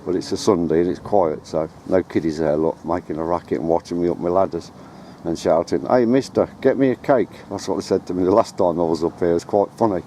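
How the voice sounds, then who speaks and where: A deep, mellow-voiced man talks casually to the camera he holds outdoors at his home. He rambles and corrects himself as he speaks, with a faint hiss of noise behind him. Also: fairly even intonation, fast talker, few pauses. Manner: chatty, rambling, self-correcting. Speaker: radio hobbyist vlogger. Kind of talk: casual running commentary to camera. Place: outdoors at home on ladders and in the garden. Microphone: handheld camera mic.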